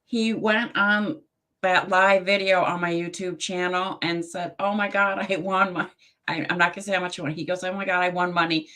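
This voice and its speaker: A woman's voice: fairly low pitch, fairly even intonation, normal speed, sharp tone. A woman hosting a live tarot reading show, chatty and friendly as she reads cards aloud. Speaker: host.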